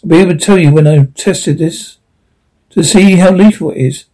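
A man's voice: fairly high pitch, normal speed, dark tone, lightly acted. A man voicing an eccentric, inquisitive male time-traveller in a read-aloud script.

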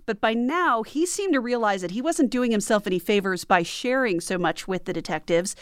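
A woman host reading a case summary in a steady, scripted way. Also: medium pitch, moderate pace, smooth, dry recording, clean studio sound. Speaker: podcast host. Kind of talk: scripted narration.

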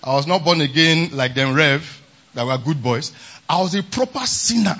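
Male pastor, emphatic sermon delivery with a husky edge, muffled lo-fi conference recording. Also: fairly high pitch, expressive, normal speed, pushed and bright. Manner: emphatic, repeats "praise the Lord". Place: large conference hall.

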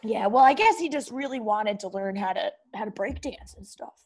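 A woman's voice: mid-range voice, normal speed, close to an everyday voice. A woman playing a brash, slangy teenage boy who breakdances and pranks, in an improv comedy interview. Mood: boastful. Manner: slangy, boastful, calls people bro.

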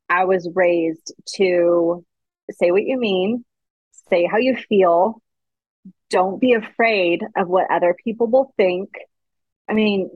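Woman, interview guest, husky, earnest storytelling, dry lo-fi sound. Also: lowish voice, no echo. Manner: earnest, reflective storytelling, acts out quoted voices. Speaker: guest author. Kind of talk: candid interview conversation.

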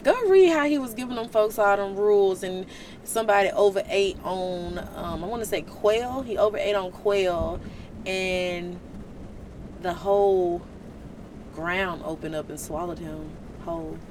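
A woman giving casual Bible teaching in an animated, slangy, joking way. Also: medium pitch, a little slow, a little hiss or hum. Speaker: Christian vlogger teaching the Bible.

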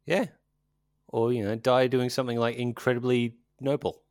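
A man's voice: mid-range voice, flat delivery, normal speed, a little mellow, no echo, clean studio sound. A man chatting casually as a podcast co-host, rambling and joking, often trailing off mid-sentence. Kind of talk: casual chat.

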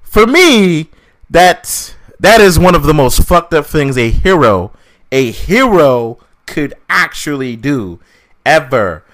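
A man's voice: fairly high pitch, big pitch swings, slow pace, a bit bright. A man co-hosting a podcast, ranting in casual chat with a lot of swearing and mocking asides. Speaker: podcast co-host reviewing a film.

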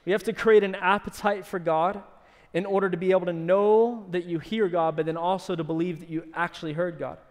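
A man preaching a sermon and telling a story with lively energy. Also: sits high, brisk, long reverb tail. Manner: animated storytelling, shouting in acted quotes. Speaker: pastor.

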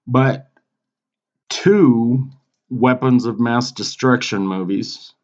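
A man's voice: mid-range voice, drawn-out words, a little mellow. A man co-hosting a podcast in casual chat, offhand and laid-back, swearing now and then. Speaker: podcast co-host. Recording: dull lo-fi sound.

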